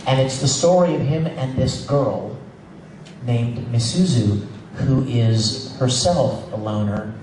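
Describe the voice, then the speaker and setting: A man, a voice actor, telling stories on a convention panel in an animated, emphatic way, often laughing. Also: medium pitch, takes it slowly, background noise. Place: large convention hall. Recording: echoey hall recorded from far off.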